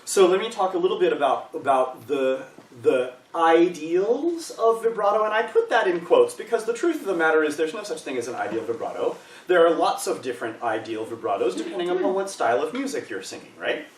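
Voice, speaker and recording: A man's voice: fairly high pitch, big pitch swings, fast talker, far from the mic. A man leading a choral workshop, patiently and encouragingly explaining vocal exercises to a group of singers. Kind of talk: live choir workshop teaching. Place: rehearsal room with a group. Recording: echoey room, speaker off-mic, faint hiss.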